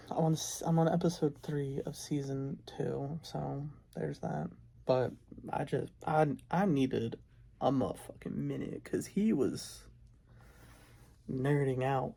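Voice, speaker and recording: A young woman vlogs casually at home late at night, excitable and rambling, swearing, and using baby talk with her pet. She has a deep voice, with slight background noise indoors.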